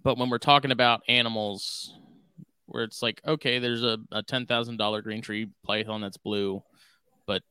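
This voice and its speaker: A man's voice: medium pitch, pushed and bright, no echo. A man co-hosting a podcast in casual chat, talking bluntly with a lot of filler words. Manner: blunt, sweary, lots of "like" fillers. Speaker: podcast co-host.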